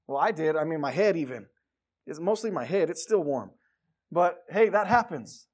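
High-voiced man preaching emphatically. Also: animated, normal speed, darkish tone. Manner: emphatic, exhorting preaching with asides and stories. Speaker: pastor. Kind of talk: sermon. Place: church sanctuary.

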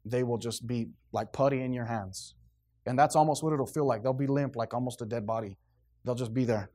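A man's voice: mid-range voice, fairly quick, warm tone. A man preaching a sermon in a stern, emphatic, plainspoken way, repeating phrases to drive his points home.

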